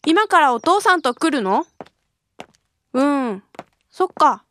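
A woman's voice: sits high, sing-song, normal speed, fairly bright tone. A woman playing a young woman chatting casually on the phone in a scripted language-course dialogue.

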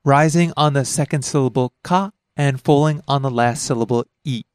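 At a moderate pace, a man hosts a relaxed language lesson, explaining words and pitch accent in a chatty, joking way and laughing easily. The studio sound is clean, with no echo.

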